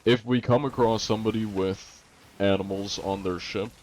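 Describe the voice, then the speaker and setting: A streamer with a fairly low, warm and mellow voice banters with his crew and chat. He slips in and out of a playful judge act, teasing and mock-formal, with a faint hum of noise under his voice. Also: fairly even intonation, moderate pace, poor audio. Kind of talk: live-stream banter, role-playing a judge.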